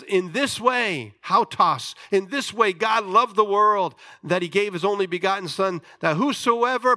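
A man preaching a sermon, telling a story with animated delivery and questions to his listeners. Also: sits high. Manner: animated storytelling, acting out voices, asks the audience questions.

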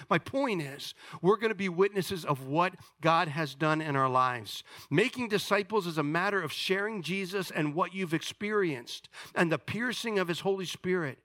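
A man preaching a sermon to his church, pressing the congregation with questions and dropping to a hushed voice to pray. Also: animated, normal speed, hardly any pauses, dry recording, clean studio sound. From United States. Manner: preaching with rising intensity and direct questions to the congregation; drops to a quiet, low voice in prayer. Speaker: pastor. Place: church sanctuary.

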